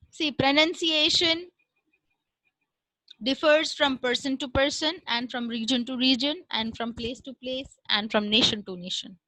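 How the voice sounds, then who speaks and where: High, bright woman lecturing. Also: no echo, poor audio. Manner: measured, explanatory, with frequent fillers. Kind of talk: online class lecture.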